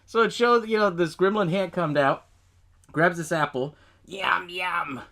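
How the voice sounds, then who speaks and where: A man's voice: high-pitched, moderate pace, a bit bright. A man hosting a podcast, recapping a movie in a loose, profane way and laughing often as he tells it. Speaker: podcast host.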